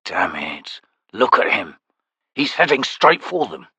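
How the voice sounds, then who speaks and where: A man's voice: on the low side, sing-song, slow pace, bright, forceful tone, husky, dry recording, highs cut off, exaggerated voice. A male narrator voicing a weary male assassin who growls terse lines in an audiobook. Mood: grim. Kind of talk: audiobook character voice.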